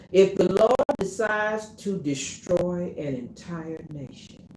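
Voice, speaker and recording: A woman preaching a sermon as a self-styled prophetess, impassioned, blunt and profane, building up to cries and shouts. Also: mid-range voice. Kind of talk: fiery sermon. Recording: roomy echo with faint background noise.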